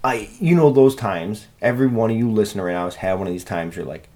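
A man's voice: lowish voice, fast talker, dark tone, slight background noise. A man hosting a solo podcast, rambling and swearing in a self-deprecating, casual way. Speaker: podcast host.

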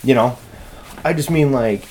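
A man's voice: medium pitch, normal speed, a little mellow, a little hiss or hum. A man hosting a solo podcast, rambling and swearing in a self-deprecating, casual way. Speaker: podcast host.

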